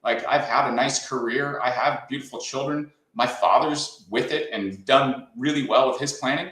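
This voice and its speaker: A man's voice: medium pitch, moderate pace, a bit bright, roomy sound, poor audio. A man from Southern California, a company founder talking as a guest in a casual interview, telling stories and often adding "right?". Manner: storytelling, often tags lines with "right?".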